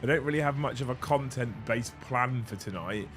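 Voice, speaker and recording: A hoarse middle-aged man hosting a casual livestream, chatty and self-mocking, swearing freely. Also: medium pitch, moderate pace, over music. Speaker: streamer host.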